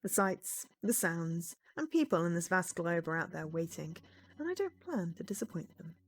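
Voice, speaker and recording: Earnest teen girl, eager, lively pitch, read by a woman. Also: normal speed. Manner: earnest, wistful narration. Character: sixteen-year-old girl, earnest and eager. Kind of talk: visual novel voice reading.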